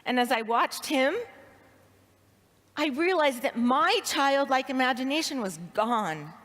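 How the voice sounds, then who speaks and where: A woman speaking at a leadership training event recounts a personal story before an audience in a big hall, dramatizing her inner voice. She speaks high, with lively intonation and a measured, slightly bright delivery, and the room echoes noticeably.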